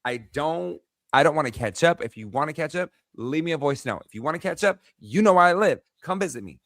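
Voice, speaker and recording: A man in his thirties co-hosts a casual podcast chat, sassy and full of "like". His voice is bright and swoops all over the place. The sound is close and dry. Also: fairly high pitch, a little fast, no room sound. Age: 30s. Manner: sassy, animated storytelling with lots of "like". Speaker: podcast co-host.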